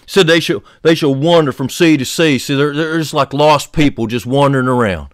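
A man preaching a sermon as pastor, fervently, rising loud on key points and dropping low and soft. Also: moderate pace, no echo, studio quality. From United States.

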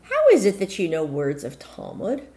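A woman's voice: on the low side, wildly swooping pitch, moderate pace, dark tone, reverberant. A woman voicing a polite, admiring young man in a storybook, courteous and eager.

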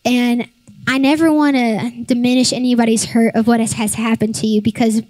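A young woman pastor preaching a sermon, telling a lively family story and acting out the voices of her family. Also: a little high, moderate pace, no echo, poor audio.

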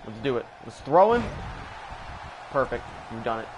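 A man's voice: mid-range voice, very animated, moderate pace, noisy background. A man streaming a wrestling video game, commenting with profane, sarcastic remarks. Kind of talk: livestream gameplay commentary.

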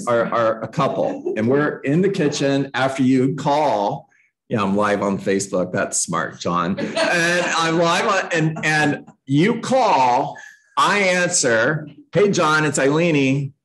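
A man's voice: medium pitch, fairly bright tone, rough recording. Emphatic man coaching real estate agents. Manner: emphatic, repeats lines, acts out calls. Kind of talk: live training talk.

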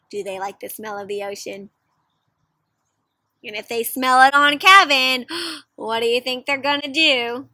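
A young woman reads a picture book aloud to kids with a high, bright voice. She is animated, gasps at the surprises, and keeps asking her listeners questions. The recording is dry, with no room echo. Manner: animated, gasping, asks children questions. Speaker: children's storyteller. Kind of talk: interactive read-aloud for kids.

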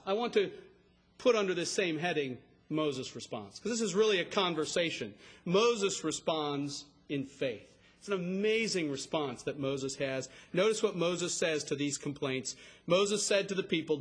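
A man preaching an expository sermon, emphatic and rising to a shout on key words. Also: sits high, expressive, moderate pace, breathy edge. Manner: expository, explains scripture line by line. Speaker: pastor.

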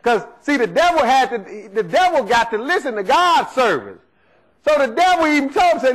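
A man's voice: very high voice, very animated, moderate pace, fairly bright tone, rough recording. A male preacher giving a conversational sermon, often asking "right?" as he teaches. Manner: preaching in a conversational style, asks "right?" again and again.

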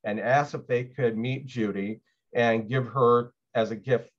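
A man of middle pitch tells a personal story to open a lecture. His delivery is loose and conversational, dotted with filler sounds. The audio has the dull, lo-fi quality of a video call. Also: steady tone, measured pace. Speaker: LGBTQ+ lecturer.

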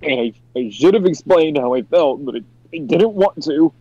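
A man streamer who is crying, talking in halting, stammering bursts between sobs. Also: on the high side, expressive, warm tone, no room sound, lo-fi sound.

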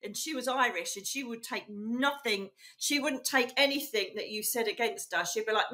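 A woman's voice: fairly high pitch, moderate pace, hardly any pauses, bright, forceful tone. A middle-aged woman from England, a psychic medium, telling her life story in a chatty, emphatic way, full of "you know" and "literally". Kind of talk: casual storytelling interview.

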